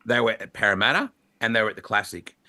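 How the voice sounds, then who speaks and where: A middle-aged Australian commentator answers questions with long, lively anecdotes and jumps into playful voices for the people he quotes. His voice sits low but rings bright and forceful. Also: fast talker. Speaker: motorsport commentator, guest. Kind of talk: storytelling interview answers.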